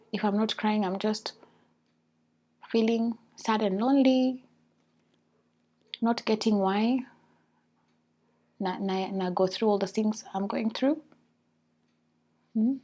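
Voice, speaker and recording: A woman with a Kenyan accent, casually telling a personal story to her vlog audience and moving freely between English and Swahili. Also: medium pitch. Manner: animated, mixes English and Swahili. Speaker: vlogger.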